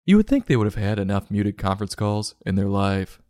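Sarcastic man, deep voice, lively swings, dry close mic, comedic book review. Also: a little fast, no echo. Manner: sarcastic, jumps into loud silly voices. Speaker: podcast host.

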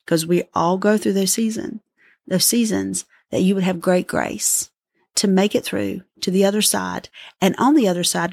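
Gravelly-voiced woman giving earnest encouragement. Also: mid-range voice, dry recording. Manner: earnest, gently pleading. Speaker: podcast host. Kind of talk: devotional encouragement talk.

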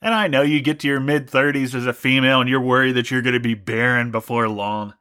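A man's voice: mid-range voice, fairly even intonation, quick pace, sharp tone, clear, resonant tone. A young man hosting a podcast, delivering a profane, mock-angry comedic rant. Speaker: podcast host.

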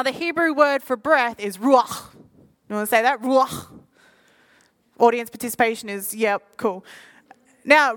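Woman preaching a lively, casual sermon. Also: fairly high pitch. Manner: reads scripture quickly, then explains in lively casual talk. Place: in front of a live audience.

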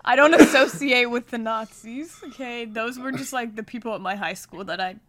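A woman's voice: a little high, normal speed, fairly bright tone. A young woman in her twenties from Washington State, telling rambling stories on a casual podcast, full of fillers and tangents. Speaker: podcast co-host.

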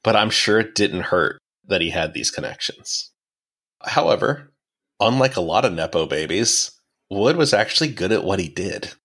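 A man with a fairly low voice narrates history on a podcast, laying out events in a casual, explanatory way. He slips in wry, dry jokes between the facts and keeps an easy conversational tone. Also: lively intonation, normal speed, a bit bright, slightly rough. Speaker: podcast host.

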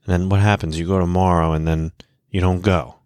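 A man's voice: low-pitched, flat delivery, fairly quick, darkish tone, clear, resonant tone, dry recording. A man hosting a podcast from the United States, talking in a blunt, profane, rambling casual monologue. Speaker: podcast host.

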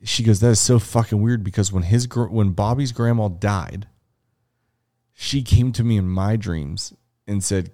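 A young man with a low voice chats casually as a podcast co-host. He tells a long, profane story and acts out each quoted line. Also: a little slow, warm tone. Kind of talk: casual chat.

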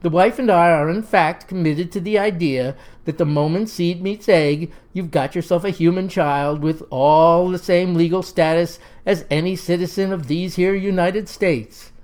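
A woman's voice: on the low side, normal speed, hardly any pauses, darkish tone, natural voice. A woman voicing an earnest, stubborn young male farmer who talks in folksy, old-fashioned country phrasing. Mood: insistent.

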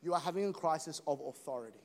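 High-pitched pastor guy giving a pumped-up sermon in a big echoey church. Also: very fast. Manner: animated, joking, builds to shouting. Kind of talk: energetic sermon. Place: large church hall. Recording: long hall reverb.

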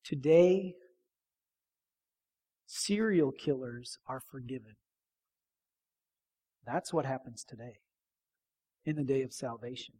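A middle-aged man preaching a sermon in a church, emphatic, repeating key phrases and dropping to a near hush for stress. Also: medium pitch, slow, pauses often. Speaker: pastor.

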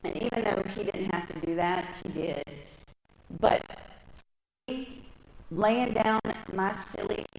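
A woman with a low voice and a gravelly edge gives a lively, conversational testimony at a women's church gathering. She tells her stories chattily to a live audience. The sound is roomy and echoey, with a faint hum behind her. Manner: lively, chatty storytelling, talks with her hands. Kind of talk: personal testimony and scripture teaching. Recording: echoey room with faint background noise.

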